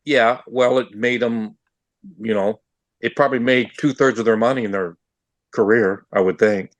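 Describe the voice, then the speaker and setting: A man's voice: medium pitch, steady tone, moderate pace, no echo. Male co-host, mid voice, hesitant and filler-heavy, dry close sound. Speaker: podcast co-host. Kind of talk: casual chat about music.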